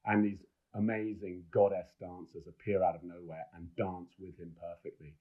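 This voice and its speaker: A man's voice: sits low, flat delivery, moderate pace. A middle-aged man, a film director and podcast guest, telling enthusiastic, rambling stories with many restarts. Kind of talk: casual podcast storytelling. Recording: dull lo-fi sound.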